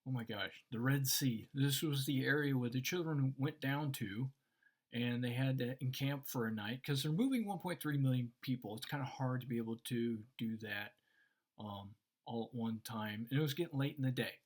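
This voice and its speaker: This Christian teacher has a medium-pitched voice and a moderate pace. In a relaxed conversation about faith, he lays out Christian ideas and brings his stories to life by voicing each character.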